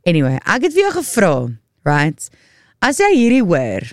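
A woman's voice: fairly low pitch, wildly swooping pitch, moderate pace, no room sound. A South African woman hosting a radio show, chatting playfully and poking fun at herself from a studio. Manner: chatty and playful, self-mocking. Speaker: radio host. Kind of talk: casual radio chat. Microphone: studio microphone.

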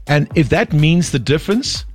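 A man's voice: on the high side, normal speed. Brief: South African male radio host, emphatic, chatty, light music under. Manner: emphatic, animated, repeats himself. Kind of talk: casual radio chat.

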